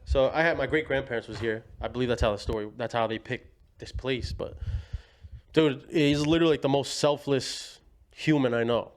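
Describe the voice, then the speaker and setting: A man's voice: medium pitch, normal speed. A young man telling family stories in a rambling, slangy way, laughing as he goes. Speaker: guest. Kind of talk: casual storytelling.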